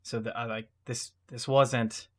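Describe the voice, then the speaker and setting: A man's voice: medium pitch, a little slow. Man telling a rambling, self-mocking story. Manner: animated, self-deprecating, rambling with restarts. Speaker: podcast co-host. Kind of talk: casual storytelling.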